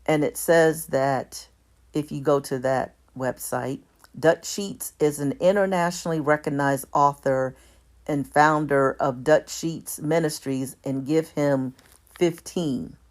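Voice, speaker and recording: Woman, low voice, unhurried document reader, steady and careful, with small self-corrections. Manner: reads out formatting marks like "all caps" and "lowercase"; measured, deliberate delivery with small self-corrections. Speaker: commentator. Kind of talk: reading a document aloud.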